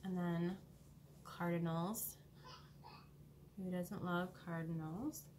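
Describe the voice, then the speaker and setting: Woman, low-pitched, casual rambling haul vlog, faint background hiss. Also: fairly even intonation, darkish tone. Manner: rambling, hurried, many ums. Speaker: cross-stitch vlogger. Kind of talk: casual show-and-tell haul. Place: home, indoors.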